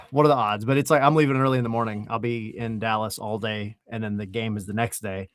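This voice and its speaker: A man co-hosting a casual sports podcast, relaxed and rambling, saying y'all. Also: fairly low pitch, fast talker, no echo. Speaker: podcast co-host. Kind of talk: casual chat.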